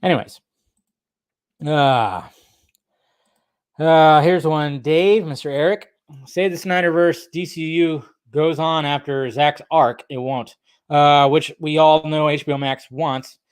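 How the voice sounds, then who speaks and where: A man's voice: a little high, slow pace, clean tone, no room sound, clean studio sound. A man hosting a casual livestream, reading chat questions aloud and answering in a rambling, profane way.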